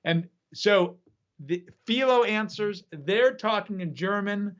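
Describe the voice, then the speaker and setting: A man who performs magic, telling an animated story in a casual chat over a video call from his home studio. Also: sits high, takes it slowly, muffled recording. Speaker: magician and app creator.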